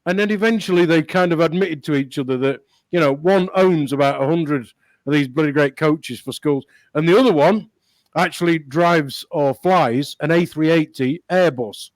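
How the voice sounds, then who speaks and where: A man's voice: on the high side, moderate pace, no echo, low-quality recording. A man co-hosting a casual chat, telling rambling anecdotes and chuckling often. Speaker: co-host.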